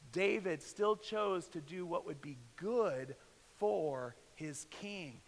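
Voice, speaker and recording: Bright-voiced preacher in an echoing hall. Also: male voice, high-pitched. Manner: conversational preaching, slows for emphasis, asks the congregation questions. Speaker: pastor. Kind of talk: sermon. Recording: echo from a large hall.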